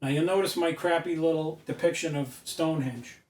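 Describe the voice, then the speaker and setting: A man's voice: fairly high pitch, fairly even intonation, fairly quick. A man giving an emphatic, preachy lecture at a whiteboard, recorded by a camera mic from a distance in an indoor room. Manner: emphatic, preachy, rising to loud insistence. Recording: echoey room, mic far off.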